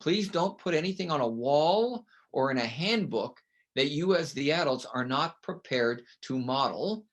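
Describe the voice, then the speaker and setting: A man's voice: a little high, lively intonation, a little slow. A man speaking as an interview guest, explaining with emphatic, coaching rhetorical questions. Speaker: guest educator. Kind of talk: conversational interview.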